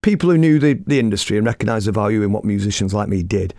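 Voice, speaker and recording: A middle-aged man telling a story in a lively, blunt, self-mocking way, as a radio presenter. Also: lowish voice, fast talker, dry recording, studio quality. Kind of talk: casual anecdotal storytelling.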